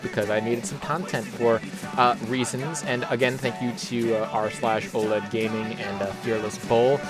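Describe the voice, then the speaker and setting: A young American man commenting casually as a YouTuber, rambling, profane and incredulous, with lots of fillers. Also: on the low side. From United States.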